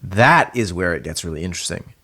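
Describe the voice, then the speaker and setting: A man co-hosts a music podcast in relaxed conversation. His pitch moves a lot as he explains ideas. He talks thoughtfully, often restarting mid-thought. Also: brisk. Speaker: podcast co-host. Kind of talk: casual chat.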